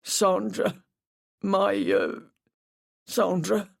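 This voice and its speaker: A man's voice: high-pitched, very slow, gravelly, no room sound, clean studio sound, voice pushed up, exaggerated voice. Narrator voicing a curt, sullen young cyclist man. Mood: tearful. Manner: flat, curt, mumbling replies.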